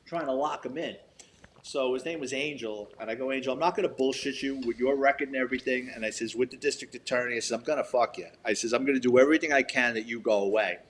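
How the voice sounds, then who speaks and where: A man's voice: medium pitch, quick pace, slight background noise. An older man, a retired detective telling stories in an interview, blunt and profane, acting out quoted dialogue. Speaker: retired police detective, guest. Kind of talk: storytelling interview.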